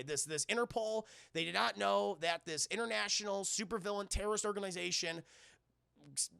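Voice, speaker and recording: Male streamer, bright gravelly voice, animated recap on a dry close mic. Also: high-pitched, dry recording. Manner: animated, acts out lines in quick impressions, swears freely. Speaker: streamer reviewing a film. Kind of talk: casual spoiler recap to live chat.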